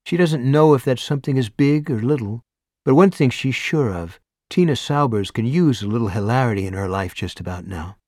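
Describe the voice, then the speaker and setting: A man reading a novel aloud in a measured, expressive storytelling voice, close to the mic. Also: mid-range voice, no echo. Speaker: audiobook narrator. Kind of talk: scripted narration.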